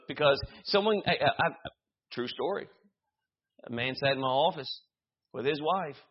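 Casting: male preacher, husky voice, lively sermon with humor, lo-fi church recording. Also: a little high, moderate pace. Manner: animated preaching with humor and repetitions. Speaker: pastor. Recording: dull lo-fi sound.

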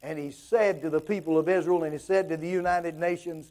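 A man preaching a sermon in a high, soft-edged voice. He throws out rhetorical questions and swells with fervor as he builds his points. His tone stays warm and mellow rather than sharp. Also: fairly even intonation, brisk, hardly any pauses. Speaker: pastor.

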